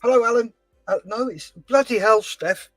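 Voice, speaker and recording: A man hosting a scale-modelling livestream, chatting casually and telling stories with animated voices. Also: very high-pitched, normal speed, no room sound, soft background music, rough recording. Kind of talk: casual chat while building a model.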